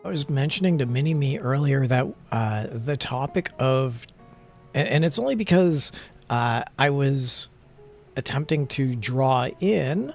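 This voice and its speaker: A man streaming and chatting in a loose, rambling way, poking fun at himself. His voice sits at an ordinary middle pitch, and soft music plays in the background. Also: animated, a little slow, gravelly. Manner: rambling, playful, self-mocking. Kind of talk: casual stream chat.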